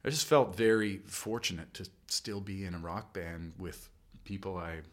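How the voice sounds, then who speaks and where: A man's voice: low voice, normal speed. A man in a rock band answering interview questions with dry jokes. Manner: dry joking, relaxed. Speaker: band member guest. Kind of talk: casual interview chat.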